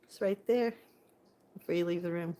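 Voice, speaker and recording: A woman's voice: fairly low pitch, normal speed, mellow. A woman from California in a bubbly, casual live-stream chat at home, answering viewers on her phone. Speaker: vlogger. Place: home indoors by a window.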